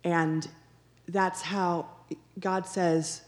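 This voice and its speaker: A woman with a fairly low voice tells a personal faith story in earnest, unhurried testimony style. She acts out the dialogue as she goes and leans on repeated phrases for emphasis, with fillers and restarts along the way. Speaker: church member sharing a testimony.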